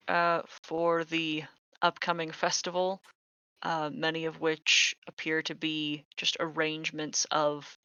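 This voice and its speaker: A man narrating a tabletop game as game master, halting with many fillers. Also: a little high, vocal fry, pushed and bright, smooth, no room sound. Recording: dull lo-fi mic.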